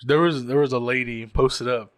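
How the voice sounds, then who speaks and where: A man's voice: medium pitch, fairly even intonation, normal speed. A young man hosting a podcast, chatting casually with laid-back, slangy banter. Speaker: podcast host. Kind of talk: casual chat.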